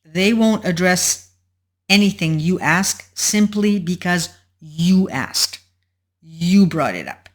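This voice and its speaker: Measured woman explaining step by step. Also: lowish voice, expressive. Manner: measured, explanatory, walks through a scenario step by step. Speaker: host. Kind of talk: solo talk giving relationship advice.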